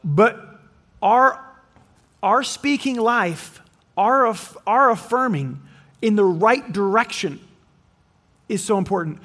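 A man preaches a sermon in an animated way, his voice sitting unusually high for a man. He slips into quoted voices and often restarts his phrases. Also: slow, long pauses. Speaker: pastor.

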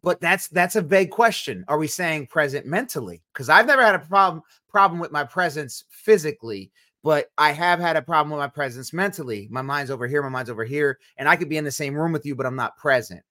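A podcast host, a man whose voice sits fairly high for a man. He talks candidly and earnestly in a relaxed chat. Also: a little fast. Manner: frank, earnest, talks openly about himself.

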